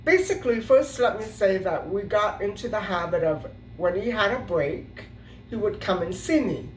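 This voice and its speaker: A woman's voice: fairly low pitch, a little mellow, slight background noise. Middle-aged woman, storytime vlogger, meandering delivery full of fillers, picked up in a roomy space some way from the mic. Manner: rambling, with many fillers and restarts. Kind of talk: casual storytime monologue. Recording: roomy sound from a distance.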